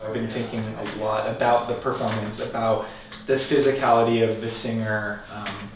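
A man composer giving encouraging, halting feedback in rehearsal and speaking about his work. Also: lowish voice, flat delivery. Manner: halting, encouraging, restarts often. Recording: very echoey room, voice far from mic, faint noise.

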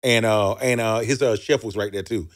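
A man's voice: fairly low pitch, steady tone, moderate pace. A man with a Southern US accent, telling a loose, profane story with laughs on a comedy talk show. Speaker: comedian guest.

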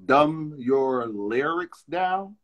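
A man's voice: on the high side, expressive, extremely slow, a loud crowd. A man hosting a casual interview, encouraging his guest and steering the talk with questions. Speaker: podcast host.

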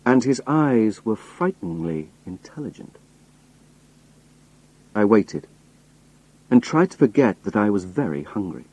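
A man narrates a novel in first person, slow and expressive, his pitch rising and falling freely. The voice sits low with a husky edge, recorded close and dry. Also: poor audio. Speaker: audiobook narrator.

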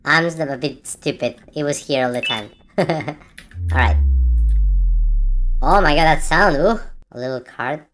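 A woman's voice: deep voice, a little slow, long pauses, a bit bright. A woman hosting a gaming channel, reacting to a horror game in her room with jumpy, frightened exclamations and gasps. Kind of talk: horror game let's play commentary. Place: own room at home.

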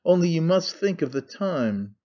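A man reading an audiobook, voicing an excitable, scheming young conspirator who talks fast and wheedles. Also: on the high side, dull audio. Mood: persuasive. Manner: fast-talking, wheedling, sly.

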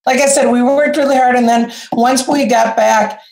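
A middle-aged woman guest musician telling stories in casual interview chat, animated and effusive. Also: on the high side, moderate pace. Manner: animated storyteller, rambling and effusive. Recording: roomy echoey room sound.

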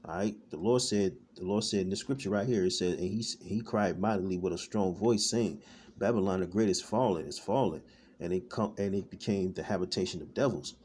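A man's voice: low-pitched, a little fast, a little mellow, a little hiss or hum. A man giving an informal online sermon in a loose, repetitive way, often stopping and restarting as he searches for words. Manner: loose, repetitive, peppered with "man" and "all right". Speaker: street-style preacher.

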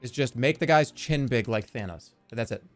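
A man streaming a game, joking around in goofy banter that swings from mumbling to yelling. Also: mid-range voice, moderate pace, soft background music. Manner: playful, jumps from mumbling to yelling.

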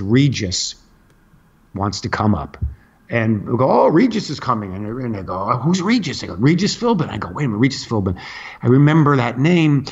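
An older man in his sixties spins long, meandering show-business anecdotes in casual conversation, acting out other people's lines along the way. His voice sits at an ordinary pitch. The recording sounds a little dull and lo-fi. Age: 60s. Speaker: comedian guest. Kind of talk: casual storytelling.

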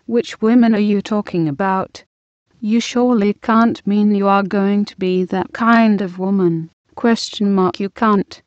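A woman's voice: medium pitch, fairly even intonation, a little slow, a little mellow, no room sound, lightly acted. Woman reading as stern worried senior wife. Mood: scolding. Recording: dull dry lo-fi recording.

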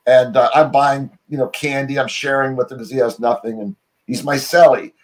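A man's voice: mid-range voice, steady tone, moderate pace. Middle-aged american guy rambling through his story, lots of you know, restarts all over, on a call. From United States. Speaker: guest. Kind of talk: casual interview storytelling.

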